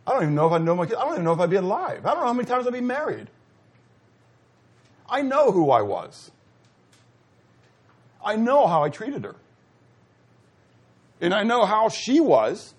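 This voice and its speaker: A middle-aged man preaching a sermon, swinging between loud exclamations and quiet asides and putting questions to his listeners. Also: sits high, big pitch swings, moderate pace, long pauses, breathy edge. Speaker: pastor.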